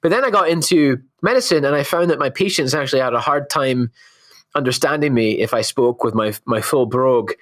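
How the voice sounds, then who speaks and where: A man's voice: mid-range voice, brisk. A man in his thirties, raised in Scotland but speaking with an American accent, talking in an earnest, reflective interview way and laughing easily. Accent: American, Texan-leaning with faint Scottish traces. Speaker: oncologist guest. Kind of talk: conversational interview.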